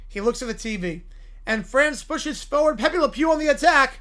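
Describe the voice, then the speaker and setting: A woman's voice: on the high side, expressive, normal speed, a bit bright. A woman streamer narrating a comedic story game in a playful, chuckling way.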